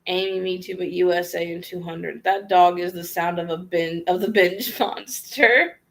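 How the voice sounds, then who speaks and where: In a casual livestream Q&A, a woman vlogger reads out questions from viewers and answers them offhand, frank, chatty and slangy. Her voice is fairly low, gravelly and fairly bright, with fairly even intonation at a moderate pace.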